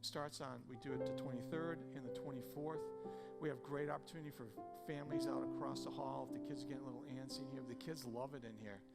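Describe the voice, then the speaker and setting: A male pastor preaching a sermon, swinging between loud emphatic peaks and soft conversational storytelling. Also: mid-range voice, steady tone, fast talker, gravelly. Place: church sanctuary. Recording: church hall reverb with soft guitar.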